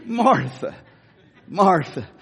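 A man putting on a gentle, folksy, unhurried drawl, recorded with long reverb in a big hall. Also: sits high, very animated, creaky, slightly rough, heavily acted.

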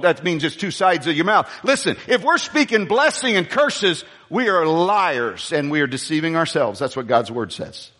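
A high-pitched male pastor delivers a sermon, wandering into side stories before returning to call-and-response with the congregation. His voice carries a long reverb, as in a large church auditorium. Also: a bit bright. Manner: rambling, storytelling asides, call-and-response with the congregation.

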